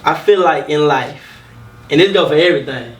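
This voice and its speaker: A young man co-hosting a podcast, chiming in emphatically in casual chat. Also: fairly high pitch. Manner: emphatic, agreeing, quick back-and-forth. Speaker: podcast co-host. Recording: roomy sound from a distant mic.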